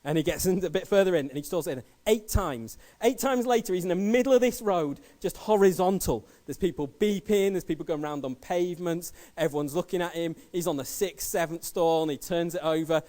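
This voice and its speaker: Quick-paced male preacher, fairly high voice, storytelling sermon style. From England. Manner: storytelling, animated anecdotes.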